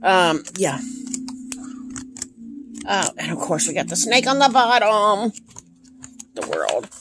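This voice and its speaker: Speaking slowly in a mid-range voice, a woman who collects tarot decks shows them off on camera in a casual show-and-tell vlog. She gushes with enthusiasm, repeating her praise between frequent ums. A steady hiss runs underneath, along with handling clicks.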